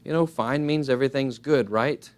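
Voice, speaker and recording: A man preaching a sermon, earnest and emphatic, swinging his pitch widely and acting out little dialogues as he goes. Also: moderate pace, a little mellow, clear, resonant tone.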